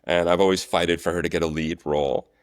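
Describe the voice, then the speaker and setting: A man telling set stories as a guest, relaxed and chatty in a casual interview. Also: low voice, fast talker, no room sound, studio quality. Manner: animated storyteller, relaxed and chatty. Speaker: guest, actor and stunt coordinator.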